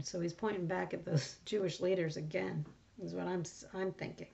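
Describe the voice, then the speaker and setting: Gravelly low woman musing on scripture. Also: steady tone, moderate pace, dark tone. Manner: rambling, many fillers and restarts. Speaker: Bible study speaker. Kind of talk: casual Bible reflection. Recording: dull lo-fi recording.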